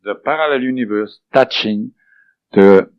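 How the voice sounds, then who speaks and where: Low-voiced French-speaking man, halting. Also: no echo. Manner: halting, with many fillers and restarts. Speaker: interview guest. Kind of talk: recounting a personal experience in an interview. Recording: dull lo-fi dry recording.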